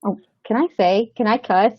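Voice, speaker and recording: A woman's voice: mid-range voice, moderate pace, dry recording. A woman actor, a guest on an interview show, telling a long story in a casual way and acting out the other people's lines. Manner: animated, acts out the voices of people in her story. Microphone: remote call setup. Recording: slightly dull lo-fi sound.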